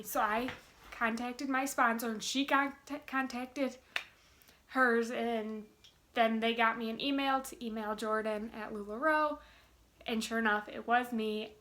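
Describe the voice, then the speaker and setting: Bubbly, bright-voiced young woman. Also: fairly high pitch, normal speed. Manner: bubbly, gushing, many fillers. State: giddy with excitement. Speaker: vlogger. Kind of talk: casual chat to camera.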